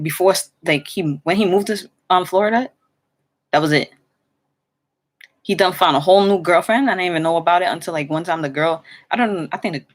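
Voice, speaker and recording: A young woman tells a story in a loose, rambling way, with restarts and fillers throughout. Her voice sits somewhat low for a woman. It is casual storytime talk to her viewers. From New York City. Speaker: vlogger.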